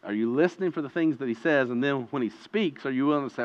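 A man preaching a conversational sermon as pastor, earnest and emphatic, moving between hushed and loud delivery. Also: medium pitch, fast, hardly any pauses, clean tone. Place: church sanctuary. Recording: reverberant hall, dull lo-fi sound.

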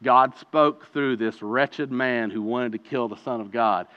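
A man preaching a conversational sermon as pastor, earnest and emphatic, moving between hushed and loud delivery. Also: medium pitch, a little slow, clear, resonant tone. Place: church sanctuary. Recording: reverberant hall, dull lo-fi sound.

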